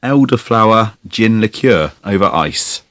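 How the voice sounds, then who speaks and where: Deep-voiced man, dry close sound. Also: measured pace, dry recording. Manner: relaxed, explanatory. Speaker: podcast co-host. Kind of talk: casual podcast chat and explanation.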